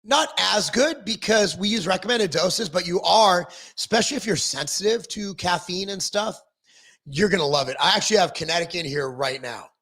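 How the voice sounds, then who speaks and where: A man's voice: high-pitched, expressive, normal speed, bright, forceful tone. A middle-aged man hosting a casual livestream, reading viewer comments aloud and answering them in a rambling, self-deprecating way with frequent ums and restarts.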